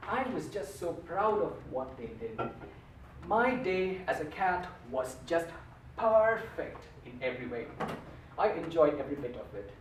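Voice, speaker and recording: A man's voice: on the high side, sing-song, measured pace, roomy sound, far from the mic, a little hiss or hum, rough recording. A man giving a humorous storytelling speech at a contest, with a playful, theatrical delivery. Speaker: contest speaker.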